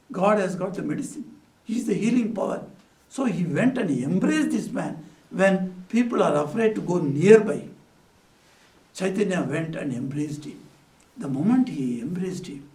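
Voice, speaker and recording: Brief: male swami, storytelling sermon, high voice, roomy echo. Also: mellow. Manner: storytelling with rhetorical questions, non-native phrasing. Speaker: swami giving a spiritual talk. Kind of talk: devotional talk. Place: hall at a Vedanta society. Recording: echoey room, mic at a distance.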